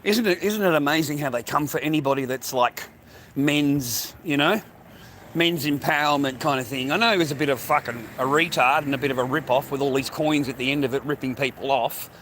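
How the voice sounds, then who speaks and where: A man's voice: medium pitch, a little fast, fairly bright tone. An older man with an Australian accent, livestreaming a blunt, profane street rant and calling everyone "mate" and "bro". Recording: noisy outdoor phone stream.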